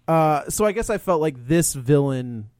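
A man's voice: a little high, expressive, measured pace, a little mellow, no echo, clean studio sound. A man chatting casually as a podcast co-host, recapping a film plot with many fillers and restarts. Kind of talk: casual movie review chat.

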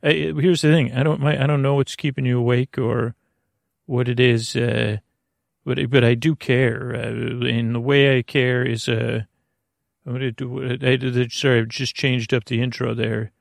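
A man hosts a sleep podcast in a loose, wandering monologue, often breaking off mid-phrase to chase silly tangents. His voice has a gravelly edge at a middling pitch. The sound is dry and close, with no room echo. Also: level tone, normal speed. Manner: meandering, self-interrupting, goofy digressions. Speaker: podcast host. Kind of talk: rambling bedtime podcast monologue.

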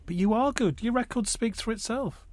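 A man's voice: very high voice, moderate pace, dry recording, studio quality. A man hosting a radio programme, pressing his guest with probing questions. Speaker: radio show host. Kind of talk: radio interview and presenting.

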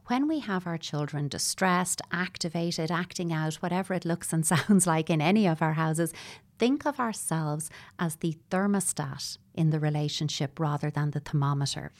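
A woman's voice: low voice, normal speed. A middle-aged woman, a child psychotherapist giving earnest, explanatory advice in an interview and acting out what parents say.

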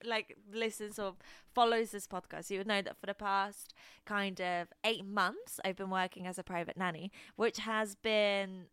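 Brief: bright crisp woman in her twenties, excitable rambling podcast co-host, dry close mic. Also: medium pitch, moderate pace, no room sound. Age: 20s. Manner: excitable, laughs often, rambling. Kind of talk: casual chat.

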